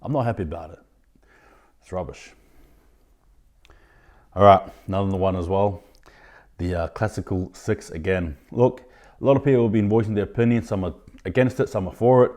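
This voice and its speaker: Ranting man, low voice, sudden outbursts. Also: normal speed, long pauses, a little mellow. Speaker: podcast host. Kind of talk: opinionated sports commentary.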